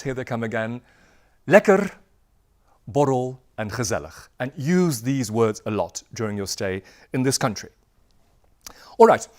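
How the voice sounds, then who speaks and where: A man teaching a lively language crash course, playful and laughing often, repeating words for the class to echo. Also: medium pitch. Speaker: Dutch language instructor.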